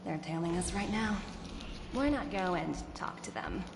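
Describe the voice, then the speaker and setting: A woman voicing a confident corporate executive in a game, speaking in a smooth, self-assured, businesslike way. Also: lowish voice, lively intonation, moderate pace, noisy background. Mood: poised. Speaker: game character. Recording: roomy game audio under loud music.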